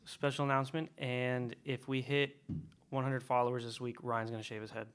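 A man's voice: medium pitch, little pitch movement, fairly quick, a bit bright, smooth. A young man co-hosting a casual podcast, joking and steering the segments. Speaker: podcast host.

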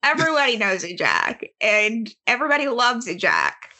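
A woman's voice: a little high, wildly swooping pitch, moderate pace, bright, forceful tone. A woman hosting a podcast in casual chat, giggly and chatty, laughing between sentences. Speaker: podcast host.

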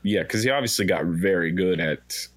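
A blunt man with a low voice, cursing casually as he banters on a podcast. The sound is dry and close. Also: moderate pace, a bit bright, no echo. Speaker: podcast co-host. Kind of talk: casual chat.

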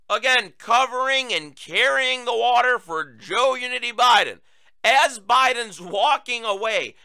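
A man's voice: high-pitched, sharp tone, no echo, clean studio sound. A male talk show host giving political commentary in a sarcastic, emphatic, mocking way.

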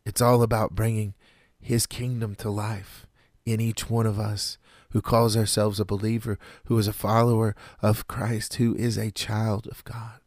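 A man preaching a sermon in an earnest, measured way, with dramatic pauses. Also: lowish voice, little pitch movement, darkish tone, dry recording, clean studio sound.

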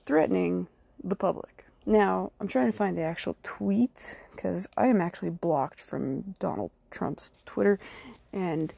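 A woman's voice: fairly low pitch, a little slow, vocal fry, dark tone, husky, no echo. A woman hosting her own podcast, delivering a blunt, angry and heavily profane solo rant aimed straight at her critics. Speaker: podcast host.

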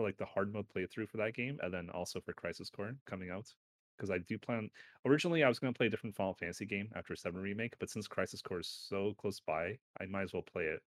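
A man co-hosting a casual chat about video games, rambling and correcting himself, with sudden animated bursts. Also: low voice, no echo. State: has hiccups.

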